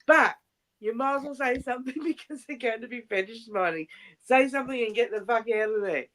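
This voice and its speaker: A woman chatting as a stream guest, with a slightly high voice. She talks bluntly and emphatically, and she swears without hesitation. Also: fairly quick, fairly bright tone. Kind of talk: casual chat.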